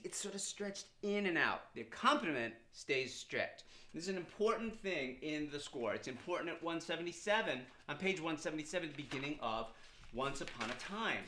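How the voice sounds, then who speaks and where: Middle-aged male composer, fairly high voice, teaching score interpretation, sings examples, roomy sound over loud piano. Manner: explains by singing and speaking lines from the score. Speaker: composer explaining his score. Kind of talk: informal music lesson on performance.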